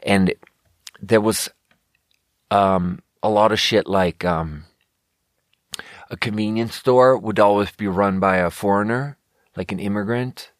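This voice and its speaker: A man in his thirties talking in a loose, swearing, meandering way, often breaking off and restarting. His voice sits low. The sound is dry and close to the mic. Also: takes it slowly, pauses often, no echo. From Sweden. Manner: rambling, profane, self-correcting. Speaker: podcast host. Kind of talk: casual monologue.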